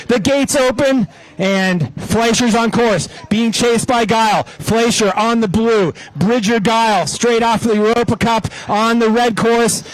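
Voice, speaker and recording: A man calling a head-to-head ski race live, building excitement as the racers close in. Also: extremely high pitch, low-quality recording. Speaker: sports commentator.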